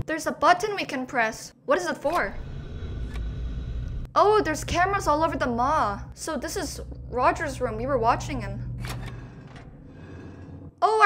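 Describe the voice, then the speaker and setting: A young woman with a high, bright voice gives playful game commentary and chats with the characters on screen. She breaks into sudden yelps now and then. A faint hiss sits under her voice. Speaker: gaming commentator. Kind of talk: let's play commentary.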